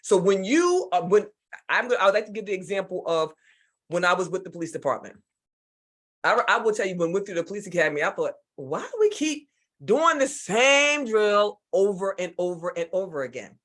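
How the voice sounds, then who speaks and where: A woman from the United States with a Southern drawl, leading an online leadership workshop in a lively, folksy and playful way. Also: lowish voice, fast. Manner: animated, folksy, playful, repeats herself. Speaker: leadership speaker. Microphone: computer mic on a video call.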